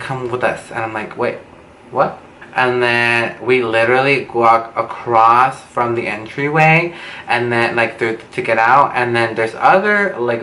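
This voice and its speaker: A young man telling a storytime vlog, animated and swearing, acting out what people said with big jumps in pitch. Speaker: vlogger. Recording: echoey room with faint background noise.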